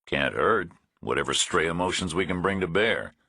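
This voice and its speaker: A tough, blunt male hero speaks in a flat, matter-of-fact way, voiced by a male narrator. His voice is extremely deep and husky. The sound is dry and close-miked. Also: moderate pace, dry recording, exaggerated voice. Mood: threatening. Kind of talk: audiobook character voice.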